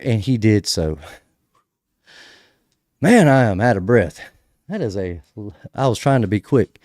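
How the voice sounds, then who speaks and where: A man with a mellow, warm tone reads scripture aloud and adds his own commentary in a loose livestream style. His pitch rises and falls in a lively way, and he keeps breaking off to chat and laugh at his own distractions. The sound is close and dry. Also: no room sound. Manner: chatty, easily distracted, laughs at himself. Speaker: host reading scripture to a live chat. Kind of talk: casual livestream Bible reading with commentary.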